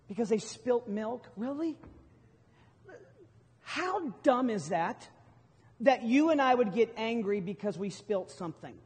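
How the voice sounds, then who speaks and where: High-voiced middle-aged preacher in a reverberant hall. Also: male voice, breathy edge. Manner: emphatic, storytelling preacher with sudden loud bursts. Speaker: pastor. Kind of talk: sermon. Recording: long hall reverb from a sanctuary.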